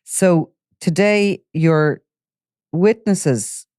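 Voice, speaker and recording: A man's voice: fairly high pitch, very slow, darkish tone, clean tone, no echo, clean studio sound. A man, hosting a podcast and summarizing the case before asking his guest questions. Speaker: podcast host. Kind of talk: podcast discussion.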